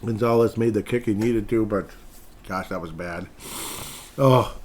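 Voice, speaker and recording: A man with a somewhat low voice rambles through casual sports talk as a podcast host. He swings from muttered, grumbling asides to sudden animated bursts. His delivery is loose and conversational, full of restarts and filler. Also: slow pace, long pauses, husky.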